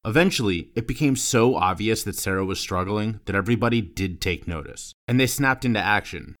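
A man narrates a podcast from a script, measured and earnest. His voice sits a bit low for a man. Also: fairly bright tone. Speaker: podcast host.

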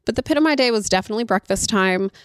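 A mother who homeschools, telling a story in a chatty, animated way and talking straight to her listeners. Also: fairly high pitch, very fast, clean tone, no room sound, studio quality. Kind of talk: casual storytelling monologue.

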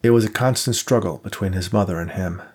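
A man narrating an audiobook in a measured, even way. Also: low voice, breathy edge. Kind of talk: scripted narration.

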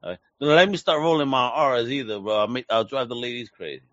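A male interview host who piles on slang and hype while chatting casually with a guest. His voice sits at an ordinary middle pitch and sounds close and dry. The recording is a little dull and lo-fi. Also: quick pace, dry recording. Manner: slangy, excitable, hype-driven.

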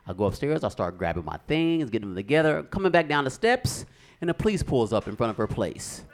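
A man's voice: medium pitch, quick pace. A young man doing a stand-up comedy set on a club stage, telling stories and acting out the people in them. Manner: animated storytelling, acting out characters.

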